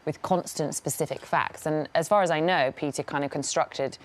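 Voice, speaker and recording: Deep-voiced woman, thoughtful actress guest. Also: moderate pace. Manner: thoughtful, hedging, searches for words. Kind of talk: interview chat.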